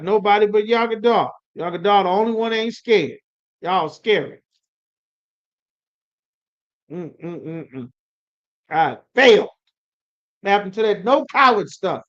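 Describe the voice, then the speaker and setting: A man's voice: sits high, lively intonation, moderate pace, a bit bright. A man teaching a live online scripture class. He calls on students by name, coaxing and chiding them in a slangy, casual way. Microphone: video call. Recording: lo-fi livestream audio.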